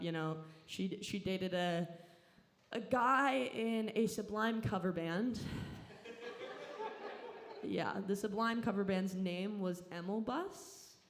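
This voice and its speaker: A young woman with a Southern Californian accent doing a stand-up set in a comedy club, in a slow, laid-back, deadpan drawl. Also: mid-range voice. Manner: drawling, laid-back delivery that sounds stoned.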